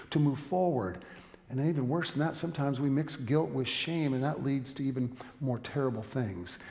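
A male pastor preaching a sermon with a story, dramatic, swinging from loud emphasis down to near-whispers. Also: medium pitch, vocal fry. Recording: echoey hall with long reverb.

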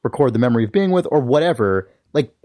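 Man, podcast co-host, mid-pitched voice, measured, thoughtful, casual chat. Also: lively intonation, a little mellow. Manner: thoughtful and measured, talks things through at length.

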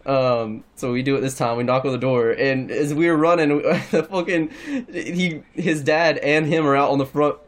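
A man's voice: medium pitch, fairly even intonation, moderate pace, hardly any pauses. A young man telling a long story in casual chat, rambling, laughing and swearing a lot.

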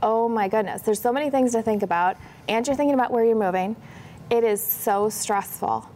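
A woman's voice: on the high side, a little fast, slight background noise. A woman, a professional organizer, telling stories in a casual interview and acting out the dialogue in a livelier voice. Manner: animated, acts out dialogue in a brighter voice.

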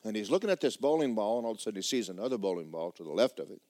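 A man's voice: on the low side, very animated, rapid-fire, dark tone. A man preaching a sermon in a church, telling stories in a folksy way and reading scripture aloud with rising drama. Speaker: pastor.

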